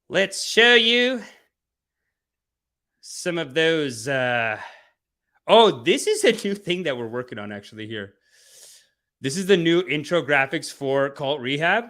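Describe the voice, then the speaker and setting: Comedy podcast host, man, lively rambling slangy delivery, bright tone. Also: fairly high pitch, takes it slowly, pauses often. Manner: animated, rambling, slangy, often laughing. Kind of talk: casual comedy livestream chat.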